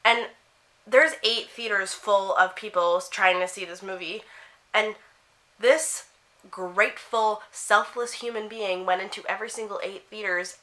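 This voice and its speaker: A young woman chatting excitedly to camera in a casual vlog while doing her makeup at home. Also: medium pitch, a little slow. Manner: gushing, excitable storytelling. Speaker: vlogger. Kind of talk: casual chat.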